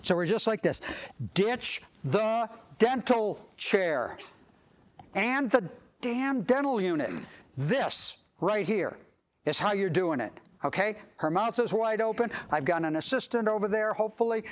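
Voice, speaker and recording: A man, a dentist, giving a live clinical lecture and demonstration, acting out scenes with sudden excited voices. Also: unhurried, poor audio. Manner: animated, acts out scenes and jumps into high excited voices. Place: clinic meeting room with live audience.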